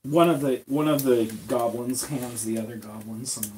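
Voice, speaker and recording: A man running a tabletop game as game master, describing scenes with pauses, fillers and repeated words. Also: mid-range voice, crowd noise, poor audio.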